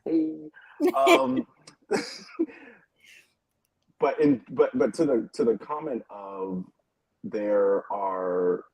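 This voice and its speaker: A man's voice: medium pitch, sing-song, drawn-out words, creaky, pauses often, a little mellow, slightly rough, no room sound, poor audio. A man speaking on a video call from home in a casual panel discussion, hesitant and full of restarts. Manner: hesitant, many fillers and restarts, laughs between points. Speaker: panel guest.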